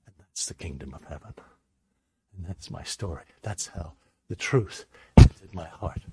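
A man preaching a sermon, telling a personal story in a lively way and acting out the voices in it. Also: deep voice, a little slow, a little hiss or hum. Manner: animated storyteller, acts out voices.

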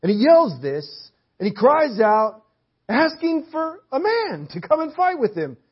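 A hoarse man preaching a sermon. He reads scripture, then presses his point with earnest, repeated rhetorical questions. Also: very high voice, huge pitch swings, unhurried. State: hoarse, clearing his throat. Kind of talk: sermon with Bible reading. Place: church. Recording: dull lo-fi audio.

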